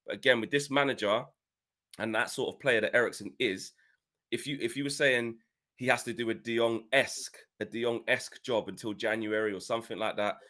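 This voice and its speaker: A man's voice: mid-range voice, steady tone, brisk, sharp tone. A man, making an earnest case about football on a casual podcast panel.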